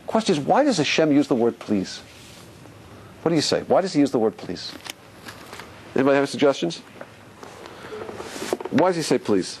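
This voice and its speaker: A man, a rabbi, teaching a lively Torah class, questioning his listeners and repeating key points for stress. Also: medium pitch, normal speed, pauses often, a little hiss or hum.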